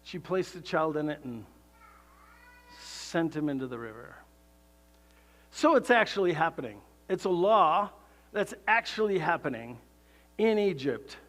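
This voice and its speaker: A man preaching a sermon, animated and conversational, asking the congregation rhetorical questions and laughing between points. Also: on the high side, a little slow, pauses often. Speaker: pastor.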